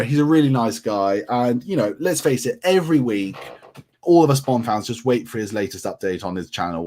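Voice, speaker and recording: A man's voice: mid-range voice, darkish tone. A man from England hosting a casual livestream, reading out viewer comments and answering them in a friendly, chatty way with lots of ums. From England, grew up around Milton Keynes. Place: home in North Yorkshire.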